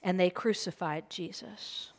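A woman preaching a sermon, retelling a gospel passage in an earnest voice and dropping to a hushed whisper for emphasis. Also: on the low side, fairly even intonation, measured pace.

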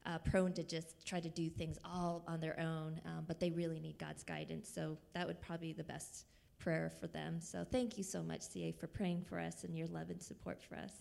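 A woman who does pastoral care, sharing prayer requests on a church stage in a gentle, earnest way. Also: low-pitched, level tone, normal speed, gravelly, hardly any pauses.

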